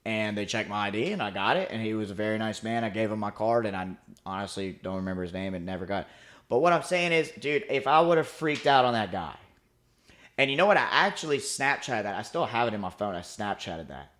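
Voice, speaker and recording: A man's voice: lowish voice, lively intonation, fast talker, fairly bright tone. A young man co-hosting a podcast, chatting casually in a laid-back, rambling way full of "like" and "dude". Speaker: podcast co-host. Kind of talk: casual chat.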